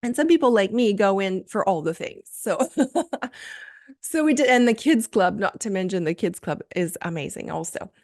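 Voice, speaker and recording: A woman's voice: mid-range voice, expressive, moderate pace, a little mellow. A woman hosting a solo podcast, telling a personal story in an enthusiastic, chatty way with frequent fillers. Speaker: podcast host.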